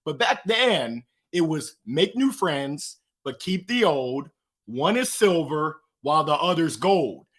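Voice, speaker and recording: A man guest talking in an energetic, preachy, slangy storytelling way in an interview. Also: fairly high pitch, slow. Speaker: guest, author. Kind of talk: motivational interview talk.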